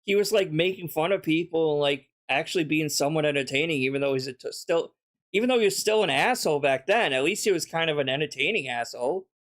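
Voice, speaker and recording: A man's voice: a little high, expressive, fast talker, fairly bright tone. A man giving profane, dismissive reaction commentary on a stream.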